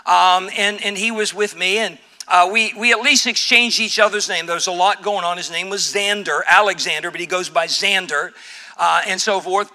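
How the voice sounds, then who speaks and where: An older male pastor delivers a sermon, his voice sitting high for a man and ringing very bright and forceful. He tells a story animatedly, stumbling through restarts and fillers as he goes.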